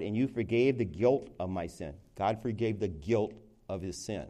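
Male Bible teacher, conversational, lifts his voice on key phrases, reads scripture slowly. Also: fairly low pitch. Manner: lively, rising emphasis on key words, slows for scripture reading; conversational, with restarts. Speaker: Bible study leader. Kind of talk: sermon-style Bible teaching.

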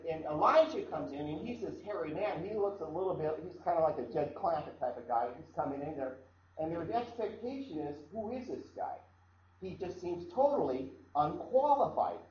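A man from Iowa preaching a sermon in a conversational way, often repeating and restarting his phrases. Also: on the high side. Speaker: pastor. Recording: echoey room, dull sound, faint background noise.

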